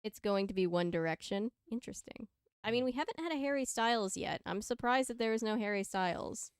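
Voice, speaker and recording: A woman's voice: on the high side, expressive, a little fast, clean tone, no room sound, studio quality. A woman co-hosting a casual chat stream, giggling and reading fan fiction aloud with small stumbles. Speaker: podcast co-host. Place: home room, live stream. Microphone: desk microphone.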